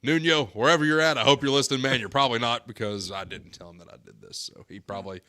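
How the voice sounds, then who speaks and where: Bright-voiced man hosting talk radio. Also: medium pitch, fast. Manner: chatty storyteller, laughs easily. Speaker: sports talk radio host. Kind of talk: casual radio chat. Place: radio studio.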